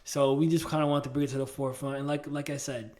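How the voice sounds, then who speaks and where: A man with a mid-range voice talks fast as a podcast co-host in casual chat. He tells stories in an animated, loose, slangy way, full of fillers and restarts.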